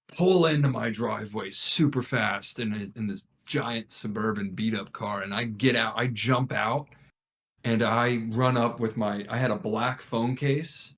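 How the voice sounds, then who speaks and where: A young man co-hosting a podcast tells a story casually among friends, animated and acting out what people said. His voice is medium-pitched and his pace measured.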